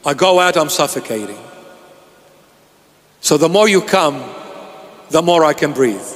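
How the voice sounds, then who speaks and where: A male bishop delivers a sermon with fervent intensity, his voice pitched notably high. Each phrase rings out into the long reverb of a church. He swings from soaring exclamations to quiet, sunken lines. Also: expressive, measured pace, pauses often. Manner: impassioned, rising to high cries and dropping to hushed lines. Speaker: bishop preaching.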